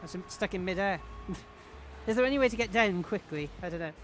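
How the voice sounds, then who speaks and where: A man's voice: high-pitched, lively intonation, moderate pace, a bit bright, slight background noise. A man chatting in a rambling, self-mocking way while commentating his own gameplay on a stream. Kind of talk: casual game-stream commentary.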